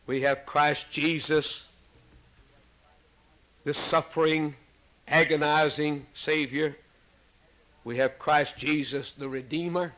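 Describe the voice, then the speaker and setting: A man preaching a sermon, swinging from loud, soaring rises to hushed, quiet drops. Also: on the high side, fairly even intonation, takes it slowly, long pauses, rough recording.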